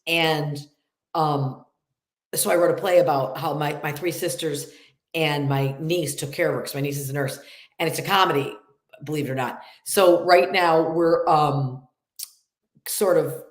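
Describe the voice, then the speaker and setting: Nasal upstate New York woman, low voice. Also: unhurried, roomy sound. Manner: chatty, animated storytelling with many fillers. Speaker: actress and playwright guest. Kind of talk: casual interview chat.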